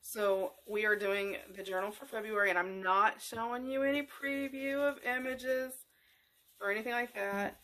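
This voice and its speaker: A middle-aged woman hosting a craft tutorial, talking casually in a rambling, halting way with many fillers and restarts. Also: mid-range voice, steady tone, fairly bright tone. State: emotional, near tears.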